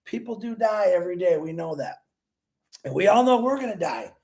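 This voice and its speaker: A man with a strikingly high voice hosts a casual livestream. He talks in an emotional, effusive way and greets his viewers one by one by name. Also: sing-song, fairly quick, creaky, a little mellow. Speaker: livestream host.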